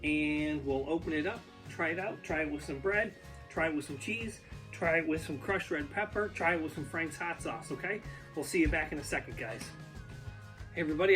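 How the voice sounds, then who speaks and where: A man talks off the cuff to his viewers, rambling from one thought to the next in a slightly high voice. He records in his home basement on an ear pod, with music clearly playing under his talk. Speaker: YouTube food reviewer. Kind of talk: casual unscripted vlog talk.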